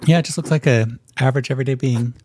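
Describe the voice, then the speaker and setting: A man narrating a tabletop game as game master, describing scenes in detail with frequent pauses and ums. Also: medium pitch, steady tone, darkish tone, a little hiss or hum.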